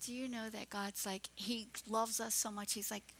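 A woman's voice: on the high side, flat delivery, moderate pace, a bit bright, a little hiss or hum. A woman pastor preaching a fervent, encouraging sermon.

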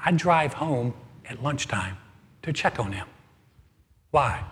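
Storytelling pastor in a reverberant hall. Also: male voice, medium pitch, slow. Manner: storytelling, animated, swings from loud to soft. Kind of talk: humorous sermon.

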